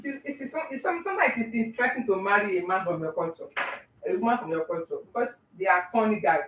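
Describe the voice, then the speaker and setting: A woman's voice: medium pitch, expressive, fast talker, background noise. Lecturing Nigerian woman, roomy distant sound. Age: older. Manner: lecturing, joking, laughs often. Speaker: cooking show host. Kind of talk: casual chat while cooking live. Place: home kitchen.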